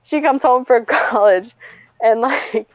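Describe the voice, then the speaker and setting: A woman's voice: a little high, takes it slowly, crowd noise. A woman in her twenties chatting casually and telling personal stories, blunt and profane, often laughing as she talks. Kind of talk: casual chat, personal storytelling. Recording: slightly dull, dry recording.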